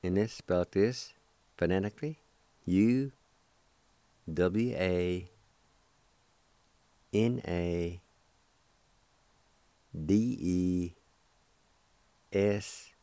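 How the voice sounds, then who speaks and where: Slow, deep-voiced man teaching. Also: mellow, no echo. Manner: patient, spells letters one by one and repeats words slowly. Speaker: radio host teaching the language. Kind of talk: slow spelled-out language lesson.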